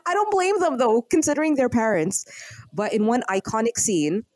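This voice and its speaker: Lively woman recapping a show. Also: a little high, moderate pace, no room sound. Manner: animated storyteller acting out characters' lines. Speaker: podcast co-host recapping a TV drama. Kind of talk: casual chat.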